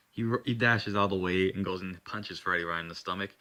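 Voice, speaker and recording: A man's voice: deep voice, little pitch movement, fast talker, hardly any pauses, sharp tone. A man casually narrating his own hero story in a rambling way, swearing and correcting himself as he goes.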